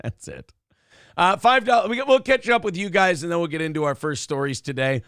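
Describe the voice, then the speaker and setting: A man's voice: fairly high pitch, a little fast, clean tone, no echo, clean studio sound. A man co-hosting a casual morning show, telling stories with crude, swearing banter. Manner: animated, crude, lots of swearing. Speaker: podcast co-host.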